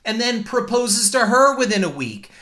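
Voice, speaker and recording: A man's voice: very high-pitched, big pitch swings, moderate pace, bright, forceful tone. A man hosting a talk show, delivering a blunt, indignant and profane opinion rant. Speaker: podcast host.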